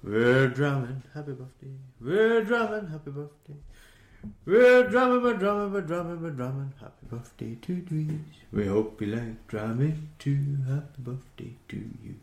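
A man with a gravelly voice speaks in a jokey, playful way. He sounds distant, in a roomy space. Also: on the high side, lively intonation, a little slow.

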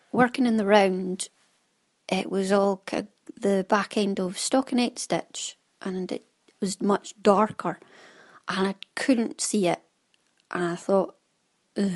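A woman hosting a podcast, talking in a casual, rambling way and often trailing off into soft, half-whispered asides. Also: mid-range voice. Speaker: knitting podcast host. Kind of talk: casual chatty monologue.

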